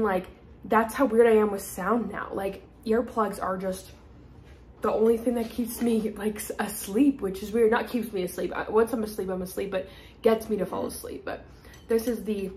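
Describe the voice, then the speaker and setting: A woman's voice: mid-range voice, steady tone, normal speed, warm tone, slight background noise. Chatty young woman vlogging on her phone. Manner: rambling, fillers like "like" and "um". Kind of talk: casual chatty vlog. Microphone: handheld phone at arm's length.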